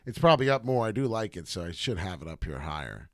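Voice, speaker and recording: A man's voice: lowish voice, expressive, brisk, few pauses, no room sound, clean studio sound. A man hosting a live crypto market stream, brash and hype-driven, swearing casually as he talks. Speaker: crypto livestream host.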